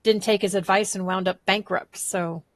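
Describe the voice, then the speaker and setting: A woman's voice: mid-range voice, fairly even intonation, normal speed, dry recording. A woman hosting a podcast interview, asking open questions and affirming her guest's answers. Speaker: podcast host.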